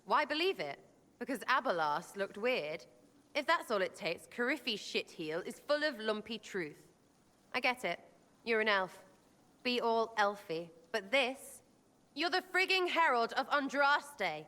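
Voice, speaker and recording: A woman's voice: on the high side, big pitch swings, unhurried, sharp tone, in a large hall, full character voice. An actress voicing a brash, rude young female elf archer in a video game, blunt and mocking. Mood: scornful.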